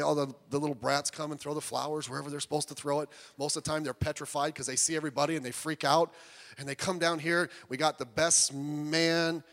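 A man preaching a sermon, telling jokey, animated stories that build up to loud emphasis. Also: fairly high pitch, long reverb tail. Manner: animated storytelling with jokes, rising to loud emphasis. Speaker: pastor.

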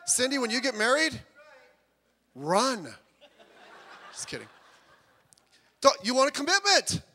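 A man preaching a sermon, telling jokey, animated stories that build up to loud emphasis. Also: very high voice, measured pace, long reverb tail. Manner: animated storytelling with jokes, rising to loud emphasis. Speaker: pastor.

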